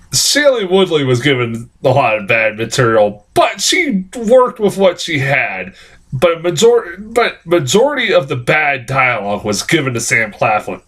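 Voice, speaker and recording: A man giving a rambling, casual film review, swearing often and laughing at his own points. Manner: animated, jumps high in pitch when exclaiming.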